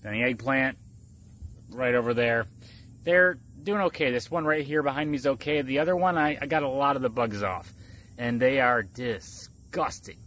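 A man's voice: medium pitch, normal speed, fairly bright tone. A man talking casually outdoors in his garden, explaining a gardening task step by step. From Florida. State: muffled by a face mask. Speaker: gardening vlogger. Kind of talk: casual how-to vlog.

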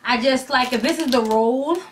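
A woman vlogger talks straight to her camera, animated and blunt, swearing for emphasis and rambling as she loses her place. Her voice sits on the high side. She sounds a little distant from the mic. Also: normal speed, a little hiss or hum. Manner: rambling and chatty, losing her train of thought. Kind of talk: casual talk to camera.

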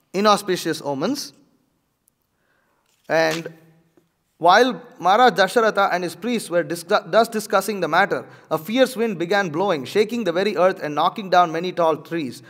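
A man reading a religious scripture aloud and pausing to comment, measured and a little hesitant in his asides. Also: high-pitched, a bit bright, big-room sound. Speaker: religious teacher.

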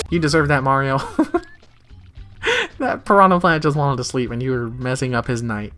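A man giving casual, excitable let's-play commentary, swearing and laughing often. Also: mid-range voice, moderate pace. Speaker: gamer. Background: faint game music.

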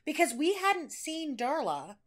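A woman's voice: sits high, big pitch swings, a little slow. A woman co-hosting a podcast in casual chat, enthusiastic and full of fillers and restarts. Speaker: podcast co-host.

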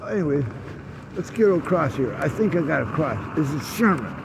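Older man in his 60s, gravelly, swears a lot and grumbles to himself, street vlog with heavy traffic noise. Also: a little high, very animated, brisk. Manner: profane, grumbling, talks to himself. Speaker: vlogger. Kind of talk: walking vlog, muttered running commentary. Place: outdoors on busy city streets.

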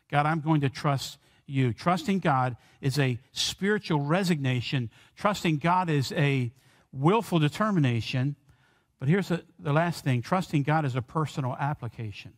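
A man preaching a sermon in a church sanctuary. He talks in earnest, and his voice slows and climbs when he quotes a prayer. The pitch sits a touch high, and a long hall reverb trails each phrase. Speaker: pastor.

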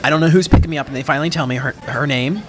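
Eating on camera, a man tells a dramatic story in a rambling, chatty way, talking casually into his own microphone and breaking off mid-thought. This mukbang vlogger's voice is fairly high-pitched and rapid-fire, with slight background noise.

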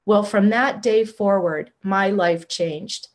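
A woman guest in an interview, telling a personal story in an animated, conversational way, often saying "like". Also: medium pitch, slow. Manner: animated, conversational, uses "like" a lot. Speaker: guest, shamanic healer.

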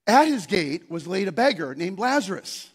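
A man preaching a sermon, telling a rambling personal story with many restarts and bursts of loud excitement. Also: high voice, moderate pace, slightly rough. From Scandinavian heritage, Norwegian. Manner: breaks into loud, excited shouting when acting out scenes. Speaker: pastor.

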